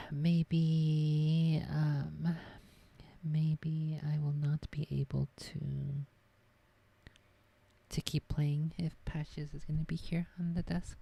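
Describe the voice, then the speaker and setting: A woman's voice: low-pitched, little pitch movement, drawn-out words, gravelly, mellow. A woman streaming from her desk at home, chatting casually and rambling offhand. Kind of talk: casual live-stream chat.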